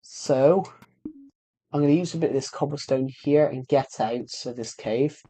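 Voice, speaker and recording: While playing a video game on stream, a young man with a sore throat chats casually in a warm, mid-range voice that runs a little slow. He rambles, often backing up to restart and leaning on fillers.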